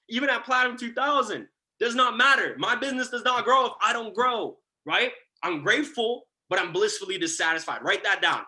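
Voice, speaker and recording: A man's voice: sits high, lively intonation, normal speed, pushed and bright. A man giving a motivational team training over a call, hyping his audience with slang, repeated slogans and constant "right?" tags. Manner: hype, repeats lines, asks the audience to write things down. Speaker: network marketing coach.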